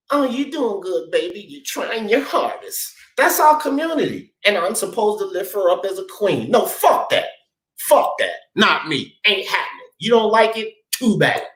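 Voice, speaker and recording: A man's voice: very high voice, a bit bright, roomy sound, poor audio. A man hosting a talk show, ranting bluntly and profanely in heated commentary. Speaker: sports talk show host.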